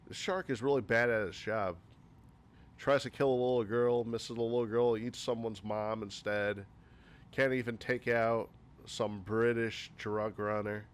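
A man's voice: on the low side, fairly even intonation, a little slow, clear, resonant tone. A man giving a casual spoken movie critique, sarcastic and rambling, with frequent swearing. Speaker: movie reviewer.

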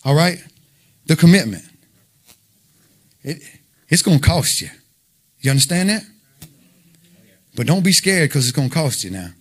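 A man's voice: a little high, animated, moderate pace, long pauses, breathy edge. A man preaching an informal sermon, conversational and emphatic, full of rhetorical questions.

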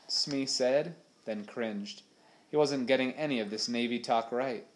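A man's voice: medium pitch, a little slow. Man narrating an adventure book. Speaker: audiobook narrator. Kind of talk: storybook narration.

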